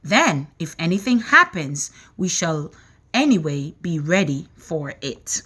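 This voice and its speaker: Woman doing a old male grasshopper, storybook, measured, kindly, slower and lower. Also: big pitch swings, sharp tone, husky, heavily acted. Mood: cautious. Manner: measured, grandfatherly. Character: wise old male grasshopper, calm leader.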